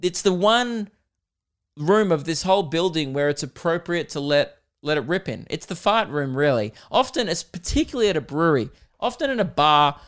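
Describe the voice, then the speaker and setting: A man's voice: a little high, expressive, moderate pace, fairly bright tone. Rambling, crude young man. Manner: rambling, crude and self-mocking. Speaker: podcast host. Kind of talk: casual solo podcast storytelling.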